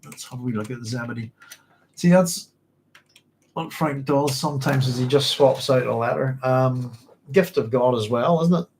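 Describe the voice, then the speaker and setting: A man's voice: mid-range voice, moderate pace, darkish tone, slight background noise. A man with a Northern Irish accent hosting a casual book club stream, chatty and rambling, with plenty of fillers and restarts. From Northern Ireland. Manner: rambling, chatty, many fillers and self-corrections. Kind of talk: casual livestream book discussion.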